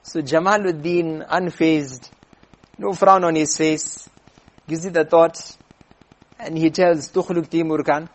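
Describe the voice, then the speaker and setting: A man preaching, telling a story in an animated way and acting out the characters. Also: a little high, slow pace. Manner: animated storyteller, acts out voices. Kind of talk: sermon storytelling.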